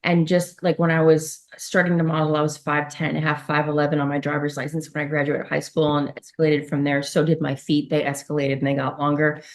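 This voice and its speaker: Middle-aged woman, somewhat low voice, chatty storyteller, casual interview talk, lively asides. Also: brisk, hardly any pauses. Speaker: podcast guest, former model.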